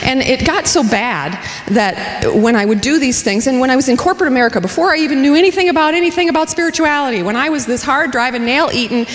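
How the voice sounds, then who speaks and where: A woman's voice: high-pitched, fast, hardly any pauses. A woman in her forties giving a candid, humorous sermon as a spiritual director, telling personal stories. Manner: lively, candid, humorous storytelling. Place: spiritual community sanctuary. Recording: echoey hall with long reverb.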